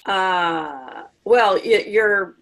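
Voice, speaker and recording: A woman's voice: medium pitch, very slow, gravelly, fairly bright tone. A woman taking part in a group call as a student, giving brief agreeable replies and reading a passage aloud. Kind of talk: answering questions and reading copy aloud. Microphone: call audio.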